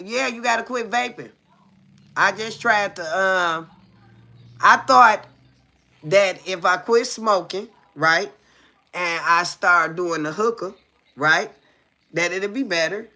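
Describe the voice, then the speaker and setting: Woman, middle-aged, gravelly voice, sharp tense tone, blunt profane live chat, rambling confessional talk. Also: mid-range voice, takes it slowly, long pauses. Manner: blunt and profane, keeps asking viewers "you hear me?"; loose, rambling, with repeated fillers. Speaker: livestreamer talking to viewers.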